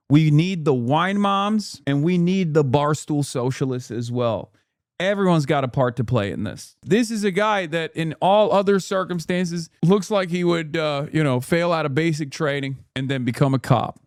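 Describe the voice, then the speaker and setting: A man's voice: on the high side, no echo, clean studio sound. Sarcastic, profane streamer man, raised voice. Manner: sarcastic, profane, riffing and repeating phrases for effect. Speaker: streamer host reacting to clips. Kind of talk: casual live-stream commentary.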